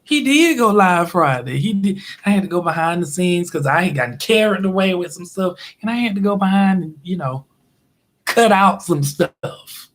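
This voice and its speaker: A man's voice: sits high, moderate pace. A man, telling rambling stories in a casual livestream and often laughing. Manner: chatty, rambling, laughs often, acts out quoted voices. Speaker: YouTube live streamer. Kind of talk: casual storytelling monologue.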